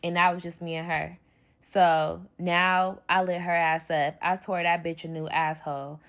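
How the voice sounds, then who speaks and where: A young woman telling a story in a vlog, heated and profane, full of "like" and quick asides. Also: lowish voice, flat delivery, a bit bright.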